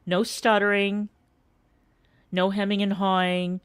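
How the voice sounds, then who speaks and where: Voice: mid-range voice, little pitch movement, slow, a bit bright, clean tone, dry recording, clean studio sound. A guest on a stream, speaking assertively and with emphasis. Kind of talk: casual chat.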